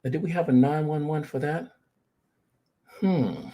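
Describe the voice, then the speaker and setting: A man's voice: fairly high pitch, a little slow, mellow. A middle-aged man, a grief recovery specialist, telling personal stories in an earnest motivational talk. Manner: earnest storytelling, addresses audience directly.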